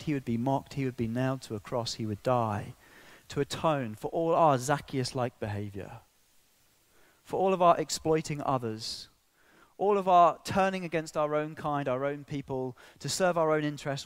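Impassioned preacher, dry sound. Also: male voice, on the high side, normal speed, no room sound. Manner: impassioned, swinging between soft and loud. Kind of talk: sermon.

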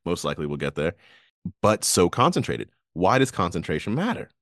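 Low-voiced man in dry casual chat. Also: sing-song, brisk, fairly bright tone, no echo. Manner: laughs often, rambling with restarts. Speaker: podcast co-host.

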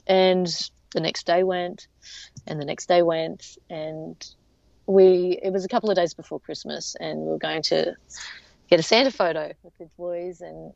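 A woman's voice: fairly low pitch, fairly even intonation, measured pace, creaky, a little mellow, no room sound. A woman, telling her story as an interview guest in a chatty way full of fillers and restarts. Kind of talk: casual storytelling. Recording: dull lo-fi sound.

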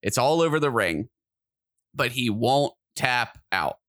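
A man co-hosting a podcast in casual chat, excitable and quick to get loud and animated. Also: medium pitch, dry recording, studio quality. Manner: excitable, gets loud and animated when riled. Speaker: podcast co-host.

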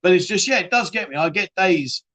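Expressive and fairly quick, this man speaks in a bright, forceful tone, his pitch a little above most men's. He hosts a casual live-stream chat show, rambling, blunt and chatty, swearing freely and often restarting mid-sentence when answering viewers.

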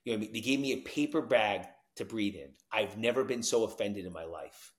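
A man telling his recovery story as a podcast guest, animated, dropping to hushed tones and jumping to loud whoops. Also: on the low side, a little fast, roomy sound. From New Jersey.

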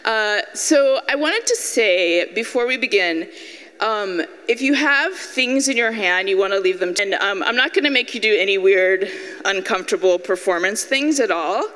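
Young woman, artist at a live talk, lively storyteller. Hall reverb. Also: mid-range voice, moderate pace. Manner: animated, acts out voices in her story, laughs at herself. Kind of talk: storytelling presentation to an audience.

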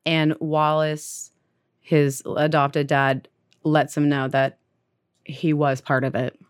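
Low-voiced young woman telling a story. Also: little pitch movement, slow, clean tone, no room sound, studio quality. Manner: retells a story with lots of "like" and acted quotes. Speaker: podcast storyteller. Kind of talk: casual storytelling chat.

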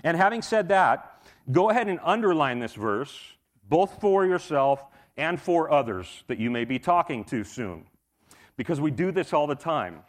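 A man's voice: on the high side, very animated, moderate pace. A middle-aged man preaching a sermon in a casual, conversational way, repeating himself and using fillers. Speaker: pastor.

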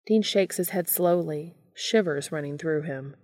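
A woman reading fan fiction aloud in a calm, even storytelling manner. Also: low voice, measured pace, hardly any pauses, dry recording, clean studio sound. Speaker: podcast reader.

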